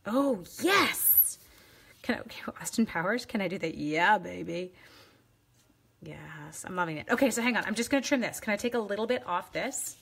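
Woman, husky breathy voice, middle pitch, live craft demo host, chatty, playful, self-teasing. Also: racing, hardly any pauses.

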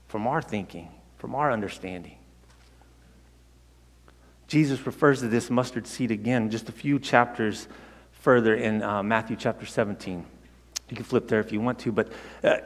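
Pastor, male, mid-pitch. Conversational storyteller, restarts often, long hall echo. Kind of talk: sermon. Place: church sanctuary.

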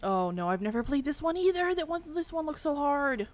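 A woman streaming a video game, giving excitable live commentary, yelling and swearing at the game. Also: high-pitched, fairly quick, highs cut off.

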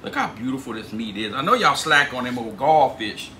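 A man's voice: mid-range voice, very animated, a little fast, bright, forceful tone, echoey room, a little hiss or hum, low-quality recording. A man with a Cajun Louisiana accent, hosting a cooking video in a laid-back drawl. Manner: laid-back drawl, says "dude" a lot. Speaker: cooking channel host.

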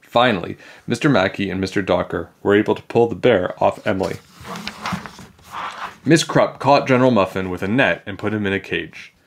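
A man reading a children's chapter book aloud in a playful, animated way. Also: on the low side, moderate pace, creaky, slight background noise. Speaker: storybook reader.

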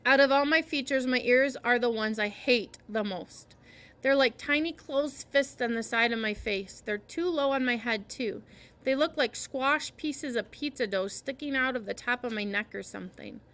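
A woman's voice: fairly high pitch, normal speed, a bit bright, smooth. A woman teacher reading a novel aloud to her class and stopping to explain parts to the listeners.

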